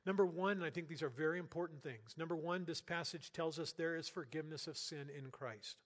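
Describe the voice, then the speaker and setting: An older man preaching a sermon as pastor in a church, talking to the congregation in an earnest, conversational way with bursts of loud emphasis. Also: a little high, fairly quick. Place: church sanctuary. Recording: long hall reverb.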